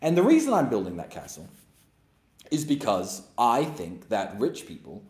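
A man delivering a blunt, mocking monologue to his live-stream audience, with heavy emphasis on his points. His pitch swings widely, rising sharply when he drives a point home. The sound carries the echo of a roomy space. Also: wildly swooping pitch, normal speed, darkish tone. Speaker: livestream host.

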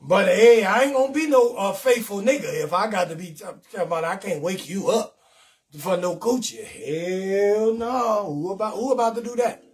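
Brash high-voiced comedian hosting live. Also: male voice, moderate pace. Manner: brash, profane, animated, talks straight to viewers. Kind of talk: loud comedic live-stream rant.

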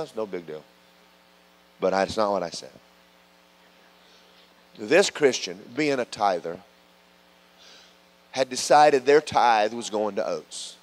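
A man preaching a sermon in a church, telling stories in a lively way that moves between loud calls and quiet asides. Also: medium pitch. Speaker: pastor. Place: church sanctuary.

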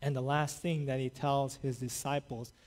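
A male pastor preaching a sermon and retelling scripture stories in a lively, conversational way. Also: mid-range voice, moderate pace. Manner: animated storytelling, paraphrasing scripture conversationally.

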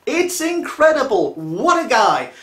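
Give me a vlogger with a sarcastic, animated delivery, recorded in a roomy, echoing space. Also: high-pitched, measured pace. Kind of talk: casual religious commentary monologue.

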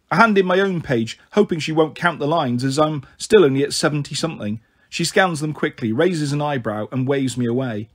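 A man reading a novel aloud in an expressive, lively storytelling manner. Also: on the high side, fairly quick.

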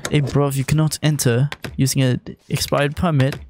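A cheeky, rude border inspector in a put-on British accent, as a man plays him for laughs in a game. He jeers in exaggerated slang at a middling pitch, with a faint hiss behind the voice. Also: little pitch movement, normal speed, darkish tone, lightly acted. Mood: taunting. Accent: mock British.

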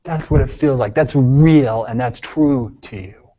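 A male therapist leading a support group, talking earnestly and reassuringly, moving between soft, hushed phrases and emphatic bursts and asking the group many questions. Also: mid-range voice, measured pace. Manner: pleading, reassuring, asks the group frequent questions. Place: group session room. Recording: dull lo-fi recording.

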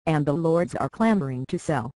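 A blustering, booming lord, as an audiobook reader puts him on, impatient and quick to complain. It sounds dry and close, with a middle pitch. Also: animated, no echo, natural voice. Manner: complaining, forceful.

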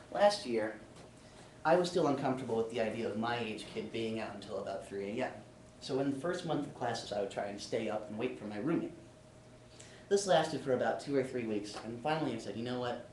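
A man's voice: mid-range voice, a little mellow, a little hiss or hum. Young man telling a story from afar. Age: young adult. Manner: humorous anecdotal storytelling. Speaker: student speaker. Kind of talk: classroom informative speech. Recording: roomy sound from a distant camera.

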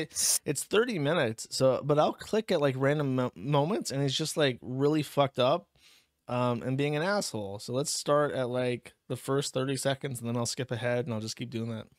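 Man, stream host, wry rambling commentary, middle pitch, dead-dry close mic. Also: animated, moderate pace, no room sound. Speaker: show host. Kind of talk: casual commentary over clips.

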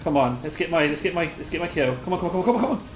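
A host giving live gameplay commentary, excitable and giggly, squealing a high catchphrase, then muttering quietly to themself. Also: rapid-fire. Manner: mutters quietly to self between bursts. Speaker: gaming video host. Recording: roomy echo, faint game music behind.

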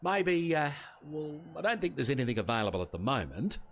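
An actor playing an easygoing, slow-witted security guard with an Australian accent, rambling and hesitant in video game dialogue. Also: male voice, fairly high pitch, big pitch swings, a bit bright, slight background noise. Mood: flustered. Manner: rambling, hesitant, full of slang.

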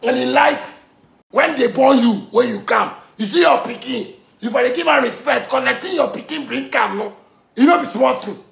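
A man with a Ghanaian accent ranting on a live stream, animated and breaking into shouts as he mixes pidgin with local words. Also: extremely high pitch, normal speed, gravelly, reverberant. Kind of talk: heated live-stream rant.

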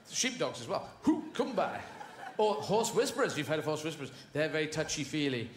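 A man with an English accent doing a live stand-up routine, animated and full of funny voices and noises. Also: a little high, brisk. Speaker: stand-up comedian on stage. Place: theatre stage before an audience. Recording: echoey live theatre recording with audience.

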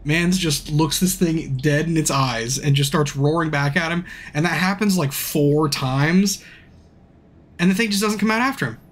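A young man streaming a game, rambling, swearing and telling stories in animated bursts. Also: on the high side, moderate pace. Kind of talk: live-stream gameplay commentary.

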